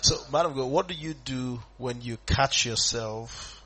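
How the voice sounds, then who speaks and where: Husky-voiced man asking follow-up questions. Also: mid-range voice, measured pace, bright, forceful tone, rough recording. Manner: asks short follow-up questions, brief affirmations. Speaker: pastor and co-host. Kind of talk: casual chat.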